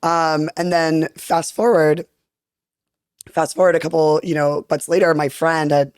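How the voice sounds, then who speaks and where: A woman in her thirties, a podcast guest chatting casually and telling stories in a playful, animated way. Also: sits low, a little slow, clean tone, dry recording, clean studio sound. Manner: playful, animated storytelling with put-on voices. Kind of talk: casual chat.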